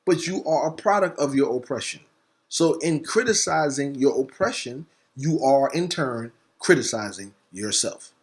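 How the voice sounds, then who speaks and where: In this talk segment, the host, a man with a medium-pitched voice and lively intonation, gives an impassioned, fiery monologue much like a preacher. He alternates speedy bursts with slow, stressed words and spells some terms out letter by letter.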